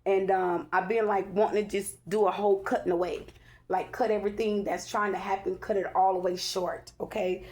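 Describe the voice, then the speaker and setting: A woman's voice: medium pitch, level tone, moderate pace, a little mellow. Chatty woman giving a tarot reading. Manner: chatty, repeats "okay?" often, emphatic and preachy. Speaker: tarot reader. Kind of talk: casual spiritual tarot reading.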